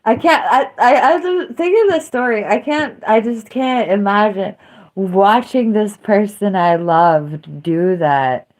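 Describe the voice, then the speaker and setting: Hosting a livestream, a woman chats casually and with feeling, rambling and letting her sentences trail off. Her mid-range voice is unhurried and a little mellow.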